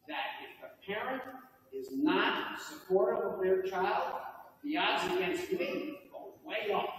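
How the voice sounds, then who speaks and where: An older man giving a heartfelt, folksy acceptance speech at a hall of fame ceremony, recorded from a distance in a banquet hall. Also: high-pitched. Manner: heartfelt, folksy, animated delivery. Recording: distant mic in echoey hall.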